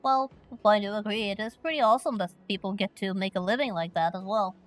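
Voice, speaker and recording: A woman talking in a relaxed, casual way, often pausing with "uh" as she goes through questions. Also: medium pitch, soft background music, poor audio. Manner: relaxed, with frequent "uh" fillers.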